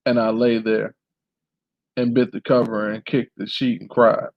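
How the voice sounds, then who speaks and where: A man's voice: medium pitch, a little slow, no room sound. Man reading a memoir aloud, dull dry sound. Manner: plain steady reading, clears throat now and then. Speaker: reader.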